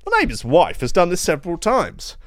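A man voicing an aggrieved woman reading out her complaint about her neighbours, in a high indignant recital. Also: huge pitch swings, fairly quick, no room sound, studio quality.

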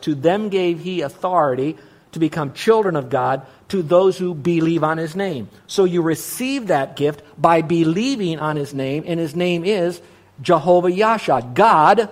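A man with a slightly high voice preaching a sermon. He talks like a pastor teaching, drops low and soft for asides, then rises and presses hard on repeated words.

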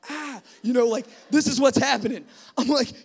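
Young man, high voice, gravelly, animated church testimony, lively acted-out dialogue. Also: fairly quick. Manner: animated, acts out dialogue, frequent fillers. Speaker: speaker giving a testimony at church. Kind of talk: sermon testimony storytelling. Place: room with a live audience.

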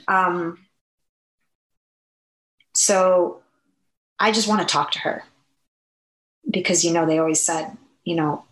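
A woman with a fairly low voice recounts a painful personal experience, pausing often and restarting her sentences. The recording has an echoey, roomy sound around her. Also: steady tone, fairly bright tone. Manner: halting, many fillers and restarts. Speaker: guest telling a personal story. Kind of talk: personal testimony, conversational. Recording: echoey room.

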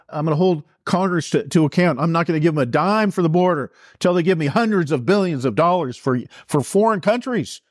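A man's voice: a little high, darkish tone, no room sound, clean studio sound. A man delivering an impassioned political monologue with fervent, repetitive, preacher-like cadence. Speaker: commentator.

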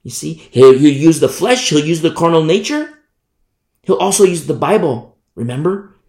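A man delivers a sermon in an emphatic, repetitive style, hammering each point home. His voice sits somewhat high for a man. The recording is roomy and echoing. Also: animated, normal speed, a little mellow. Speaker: preacher. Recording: echoey room.

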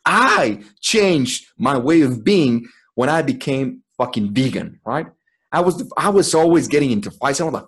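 A man's voice: medium pitch, sing-song, brisk, husky. A man co-hosting a podcast, talking in a profane, emphatic way and laughing often. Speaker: podcast co-host. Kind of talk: casual chat.

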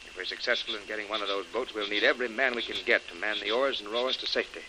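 An actor playing a determined male adventurer in danger in 1940s radio drama, speaking briskly. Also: lowish voice, steady tone, background noise, lightly acted. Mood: urgent.

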